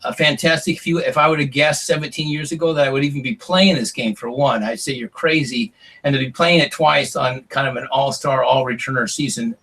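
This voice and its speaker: A man's voice: medium pitch, fairly even intonation, fairly quick, few pauses, fairly bright tone, rough recording. A man telling long stories as an interview guest, rambling with lots of "like" and "you know". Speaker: interview guest, former reality show contestant. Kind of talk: casual interview storytelling.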